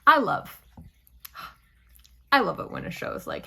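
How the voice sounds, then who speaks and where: A woman's voice: medium pitch, very animated, unhurried, creaky, pushed and bright, breathy edge. Chatty woman reviewing a TV episode. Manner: chatty, playful, dramatic asides. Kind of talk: casual spoiler review monologue.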